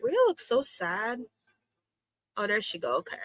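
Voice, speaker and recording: A young woman hosting a wrestling watch-along stream, talking casually in slang and jumping into high exclamations as she reacts. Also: animated, unhurried, a bit bright, dry recording. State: itchy watery eyes from allergies. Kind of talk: casual live-stream commentary.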